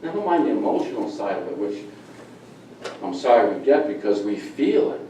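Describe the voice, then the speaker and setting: A man's voice: lowish voice, sing-song, moderate pace, mellow, a little hiss or hum. A middle-aged man speaking during public comment at a town meeting, angry and emphatic, repeating his points. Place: town hall meeting room. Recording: echoey meeting room from far off.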